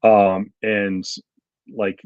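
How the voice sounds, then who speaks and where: A man's voice: lowish voice, flat delivery, drawn-out words, smooth, no echo, narrow, tinny audio. A man co-hosting a podcast in casual chat, talking in a laid-back, hesitant way with many fillers. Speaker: podcast co-host.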